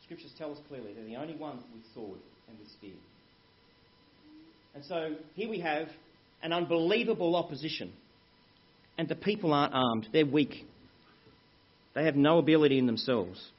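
A man's voice: on the high side, normal speed, pauses often, slight background noise. A man preaching a sermon in an earnest way, calling the congregation brethren and telling anecdotes. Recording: muffled lo-fi recording.

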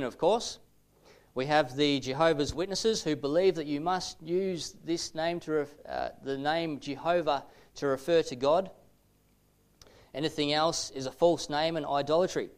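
English male teacher, slightly higher voice, smooth and clear, calm explanatory delivery. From England. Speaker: Bible teacher. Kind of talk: explanatory talk to camera.

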